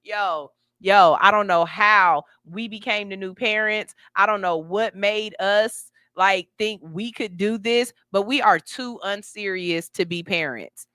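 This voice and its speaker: A woman hosting a radio show, joking and telling stories in animated, slangy casual chat. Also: mid-range voice, unhurried, hardly any pauses, dry recording, studio quality.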